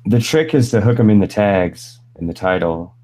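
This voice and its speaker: Man, very deep voice, casual stream host, crude storyteller, swears a lot. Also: expressive, moderate pace, mellow. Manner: profane, storytelling, laughs while telling. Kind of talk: casual chat.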